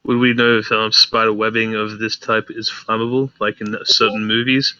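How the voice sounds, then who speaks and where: Flat, very bright-voiced male player. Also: on the low side, normal speed, clear, resonant tone, no echo, muffled recording. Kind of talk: casual tabletop game chat.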